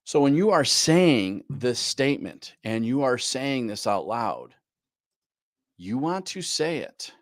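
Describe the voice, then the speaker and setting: A man's voice: medium pitch, sing-song, takes it slowly, no echo, studio quality. A man teaching a live online class on goal planning, repeating his key points and often asking "right?". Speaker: business coach.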